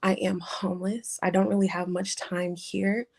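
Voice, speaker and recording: Young woman caller, 20s, some vocal fry, hesitant and teary. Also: mid-range voice, level tone, darkish tone. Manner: hesitant, halting, many ums and pauses. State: holding back tears. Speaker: caller seeking advice. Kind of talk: emotional personal call-in.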